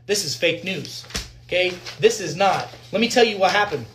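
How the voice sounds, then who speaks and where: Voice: medium pitch, expressive, moderate pace, soft background music. A physician in a fired-up, profane rant at viewers about news articles, hammering points with repetition. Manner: fired up, emphatic, repetitive, swears; addresses viewers directly. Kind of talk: ranting commentary on news articles.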